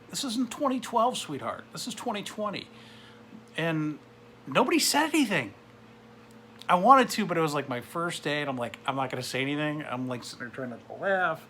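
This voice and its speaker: A man's voice: mid-range voice, bright, forceful tone, a little hiss or hum. A man in his forties ranting to camera in a blunt, sarcastic way. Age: 40s. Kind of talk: political rant to camera.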